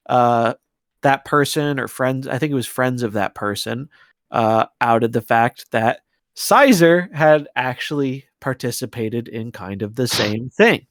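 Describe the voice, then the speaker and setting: A man's voice: medium pitch, fairly bright tone, no room sound, studio quality. A man co-hosting a gaming podcast, talking loosely and conversationally and laughing often. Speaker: podcast co-host. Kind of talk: casual podcast chat.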